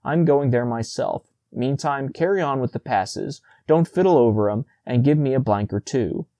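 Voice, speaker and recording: A man reading Saint Peter, brisk old gatekeeper. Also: medium pitch, dark tone, no room sound, lightly acted. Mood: urgent. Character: Saint Peter, elderly male gatekeeper, fussy.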